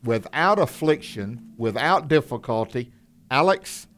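A man's voice: medium pitch, lively intonation, measured pace, a bit bright. A man co-hosting a conversational Bible teaching, folksy, asking his listeners questions, with moments of passion. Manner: folksy, asks questions, turns passionate at times.

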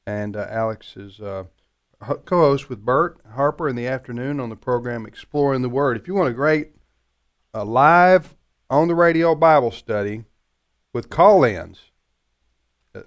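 Radio host, smooth clear voice, chatty and joking, studio mic. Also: male voice, mid-range voice, moderate pace. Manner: chatty, joking, filler-heavy. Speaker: radio talk show host. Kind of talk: live talk radio hosting.

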